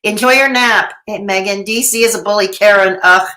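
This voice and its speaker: A woman's voice: medium pitch, moderate pace, bright, forceful tone. Woman host, live-stream chat reader, wry and talkative, mid-range voice. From Canada. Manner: sarcastic, chatty, laughs often. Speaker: commentary livestream host.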